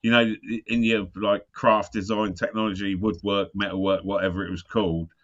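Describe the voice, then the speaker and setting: Rambling, laughing man, low voice. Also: flat delivery, normal speed. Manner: rambling, laughs and swears mid-story. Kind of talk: casual storytelling chat. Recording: muffled sound.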